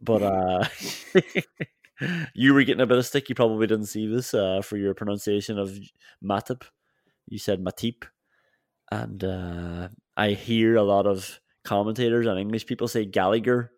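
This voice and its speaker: A man's voice: on the low side, steady tone, moderate pace, dry recording, clean studio sound. A man co-hosting a football podcast, chatting casually with laughs and restarts. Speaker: podcast co-host.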